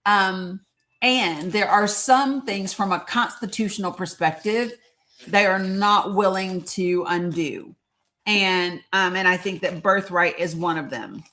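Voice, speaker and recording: A woman's voice: medium pitch, takes it slowly, a bit bright. A woman hosting a casual live stream, commenting on the news with passion and reading legal text aloud between fillers and asides. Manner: impassioned and outspoken.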